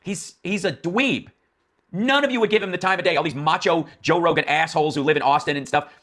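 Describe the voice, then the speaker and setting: Bright-voiced man ranting profanely. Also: on the high side, fairly quick. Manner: profane, mocking, exasperated; rambling with many restarts. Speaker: political commentary streamer. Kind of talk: ranting political commentary.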